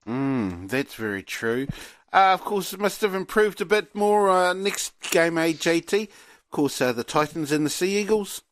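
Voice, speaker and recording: A man's voice: fairly high pitch, expressive, a little slow, a bit bright, a little hiss or hum. A man hosting a casual sports chat, with easygoing, sing-song introductions. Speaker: host.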